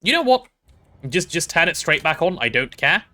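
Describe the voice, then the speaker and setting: With a sing-song lilt and a fairly high pitch, he talks at a moderate pace in a bright, forceful tone. It's casual gaming stream chat, as the young man rambles playfully and pokes fun at himself.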